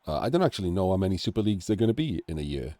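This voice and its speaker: A man's voice: low-pitched, very animated, racing, warm tone, no echo. A Welsh man with a nasal, throaty voice, sick and coughing, chatting casually through a game analysis. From Wales. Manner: chatty, self-deprecating asides.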